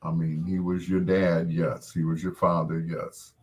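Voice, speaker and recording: A middle-aged man hosting a casual talk show, gently consoling a grieving listener in a meandering way with frequent restarts. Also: low voice, level tone, unhurried. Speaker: host.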